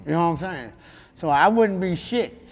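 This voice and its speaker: A man's voice: high voice, animated, normal speed, in a large hall. A man from Memphis with a Southern accent, telling stories in a loose, laughing way and often asking "you know what I'm saying". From Memphis, USA. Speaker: rapper guest. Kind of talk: casual interview storytelling.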